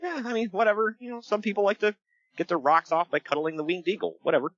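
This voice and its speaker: A man co-hosting a casual podcast, recapping events with jokes and quick put-on voices. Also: sits high, no echo. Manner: animated, jokey, does quick voices for quotes. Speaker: podcast co-host recapping wrestling. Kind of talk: casual chat. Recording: dull lo-fi sound.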